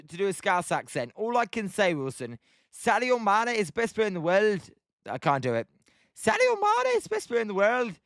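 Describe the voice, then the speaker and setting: High-voiced British man calling a game. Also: smooth, no room sound, studio quality. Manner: chatty, answers viewer shout-outs between pitches. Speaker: live stream host. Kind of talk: live play-by-play commentary mixed with chat.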